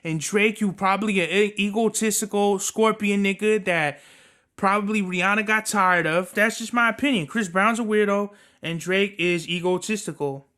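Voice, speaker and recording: Bright, tense-voiced man ranting casually. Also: high-pitched, normal speed, smooth. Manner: rambling, profane, slangy, opinionated. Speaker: podcast host. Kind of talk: casual solo commentary.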